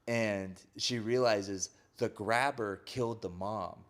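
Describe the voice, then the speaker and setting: A man with a somewhat low voice retells a film plot in casual podcast chat. He keeps it animated, slipping into the characters' lines as he goes and leaning on "like" a lot. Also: takes it slowly. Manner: animated storyteller acting out quoted lines, frequent "like". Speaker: podcast co-host.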